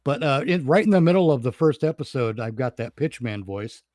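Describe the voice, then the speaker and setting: A man's voice: medium pitch, animated, fairly quick, a little mellow, dry recording, clean studio sound. Rambling man laughing at his own jokes. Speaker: podcast host and comedy writer. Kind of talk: casual chat.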